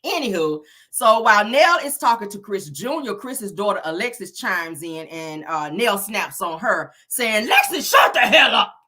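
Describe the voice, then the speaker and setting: A woman recapping a reality show episode in a sassy, animated, slang-filled way. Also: mid-range voice, measured pace, hardly any pauses. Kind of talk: casual chat.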